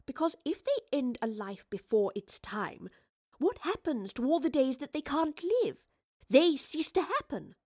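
A woman's voice: sits high, sing-song, unhurried, darkish tone, dry recording, clean studio sound, voice pushed up. A woman voicing a thoughtful, troubled female scholar who speaks in an earnest, reflective way in an audiobook.

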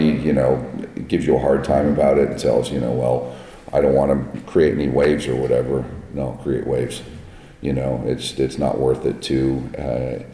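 A man with a very deep, dark, raspy voice tells blunt stories from film sets. He is recorded in an echoey hall with a long reverb tail. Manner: plain-spoken, blunt, tells set stories. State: raspy from smoke on set. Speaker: guest, film makeup artist. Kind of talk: casual interview chat. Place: large echoey room at a trade event.

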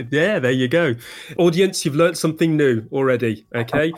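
Chatty London podcast host, slightly high voice. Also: male voice, moderate pace. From London, England. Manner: chatty, rambling with restarts and fillers. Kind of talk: podcast interview.

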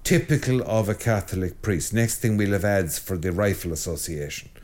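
A middle-aged priest with a low-pitched voice talks informally about spiritual matters on his own show, at a moderate pace. He's animated and joking, with many stammers and restarts.

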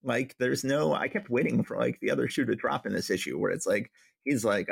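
Man, podcast co-host, gravelly, husky, casual plot recap, dry sound. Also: medium pitch, a little fast, no echo. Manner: summarizes plots, reading quotes in a light voice. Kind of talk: casual comic-book recap chat.

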